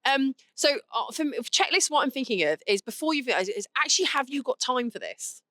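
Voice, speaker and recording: A woman hosting a casual podcast chat, telling stories in an animated way with quick asides. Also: high voice, dry recording. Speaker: podcast host.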